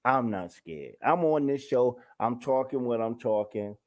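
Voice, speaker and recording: A man's voice: medium pitch, lively intonation, measured pace. A man hosting his own show, talking casually and in slang straight to his viewers. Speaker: show host. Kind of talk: casual talk-show monologue.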